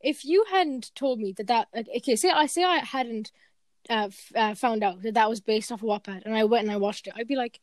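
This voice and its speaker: A woman's voice: fairly high pitch, brisk, no echo, clean studio sound. A woman co-hosting a podcast in casual chat, blunt and swearing freely, with lots of fillers. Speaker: podcast co-host.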